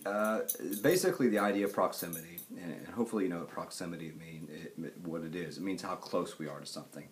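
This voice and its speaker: A man giving a casual classroom lecture, rambling and halting through his points and joking with the students. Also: low-pitched. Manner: rambling, halting, with many fillers and restarts. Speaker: college lecturer.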